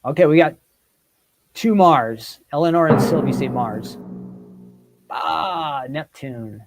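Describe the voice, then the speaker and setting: Man, livestream host, casual quiz chat, playful and teasing, slightly high voice. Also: expressive, slow, faint music behind. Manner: playful, reads out viewer comments and teases them.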